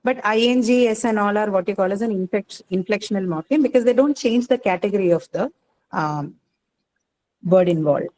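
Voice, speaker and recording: A woman's voice: mid-range voice, fairly quick, a little mellow, a little hiss or hum, low-quality recording. A woman teaching an online class, explaining patiently with many fillers and tag questions.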